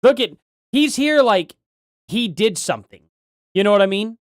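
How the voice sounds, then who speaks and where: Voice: mid-range voice, lively intonation, normal speed, clean tone, no echo, studio quality. A streamer giving live commentary on a debate, rambling and jokey, then getting heated in rants.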